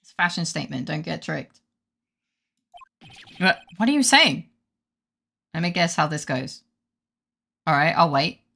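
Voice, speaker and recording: Gravelly bright-voiced woman streamer. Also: sits low, very animated, a little slow, long pauses. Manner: playful, sarcastic, swears casually. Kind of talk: casual gameplay commentary.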